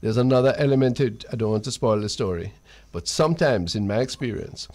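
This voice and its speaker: A man with a Jamaican accent hosting a radio talk show, speaking in a measured way and often murmuring agreement. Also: mid-range voice, darkish tone. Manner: affirming, measured, with frequent murmured backchannels. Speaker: radio host.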